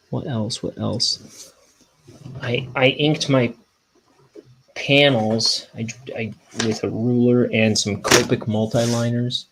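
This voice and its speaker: A young man, a cartoonist, rambling in a meandering, self-deprecating way with deadpan jokes while he works. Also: mid-range voice. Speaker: cartoonist inking his graphic novel. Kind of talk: casual rambling studio vlog.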